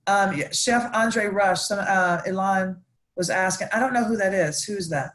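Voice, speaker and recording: A woman's voice: medium pitch, normal speed. Gushing, chatty woman chef. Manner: animated, gushing, chatty with many restarts. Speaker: celebrity chef guest. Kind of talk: casual live-stream chat.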